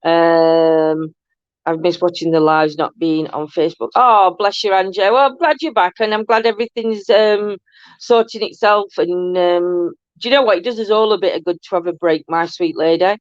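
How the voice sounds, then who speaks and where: A woman's voice: on the low side, moderate pace, dry recording. A woman hosting a casual live-stream chat, rambling along and laughing often. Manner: rambling, chatty, breaks into frequent laughter. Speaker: host. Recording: dull, dry lo-fi sound.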